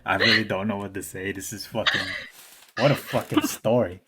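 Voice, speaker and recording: A man's voice: lowish voice, steady tone, brisk, noisy background. A man hosting a casual chat, reacting with crude, joking disbelief. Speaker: host.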